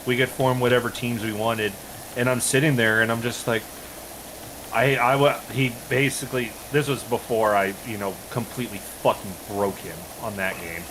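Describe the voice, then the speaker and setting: A man's voice: mid-range voice, steady tone, normal speed, noisy background. Profane man ranting through a story. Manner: profane, exasperated storytelling with many restarts. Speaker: co-op game streamer. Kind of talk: casual storytelling chat while gaming.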